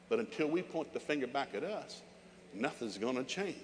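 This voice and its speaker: A man's voice: medium pitch, lively intonation, normal speed, big-room sound, a little hiss or hum. An older man preaching a sermon with humorous, emphatic storytelling.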